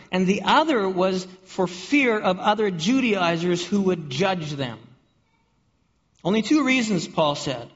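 Brief: high-pitched male pastor, unhurried sermon delivery, stumbles over repeated words, muffled recording in a church with long echo. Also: animated. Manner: repeats words and restarts often, asks the congregation questions. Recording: dull audio with long hall reverb.

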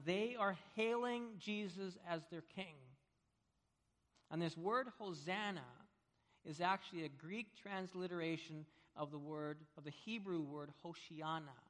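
A man with a high voice preaches a sermon, drawing listeners in with vivid stories and swinging from hushed to loud. His words ring out with a long reverb, as if spoken in a large church sanctuary. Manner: animated storytelling, swings between hushed and loud. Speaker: pastor.

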